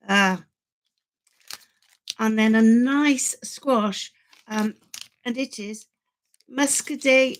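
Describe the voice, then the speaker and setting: Chatty older woman, slow and rambling. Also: fairly high pitch, a little hiss or hum. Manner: chatty, rambling, excitable, with many restarts. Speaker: channel host. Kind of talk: live stream chat with viewers.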